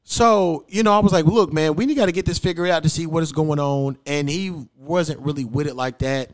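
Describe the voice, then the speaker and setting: A young man with a slightly high voice tells a story on his podcast. He curses constantly and keeps it animated. He jumps up loud whenever he quotes himself. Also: a little fast. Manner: profane, animated, acts out quotes loudly. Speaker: podcast host. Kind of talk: casual storytelling chat.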